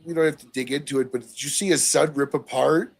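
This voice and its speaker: Gravelly, emphatic man. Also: fairly high pitch, steady tone, fast talker. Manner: emphatic, laughs often. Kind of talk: casual chat.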